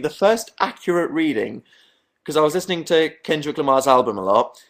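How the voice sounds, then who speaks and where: A young man from England hosting a casual late-night livestream from his bedroom, reading viewer comments in a dry, sarcastic, self-mocking way. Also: mid-range voice. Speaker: livestream host.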